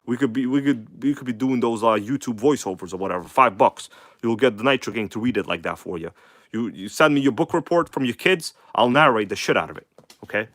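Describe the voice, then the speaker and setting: A man with a slight accent hosting a casual live stream, chatting loosely, swearing now and then and reading magazine text aloud in a halting way. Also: mid-range voice, a bit bright, dry recording. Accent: non-native English accent. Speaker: host of a live RC car stream. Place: home workshop in Queens.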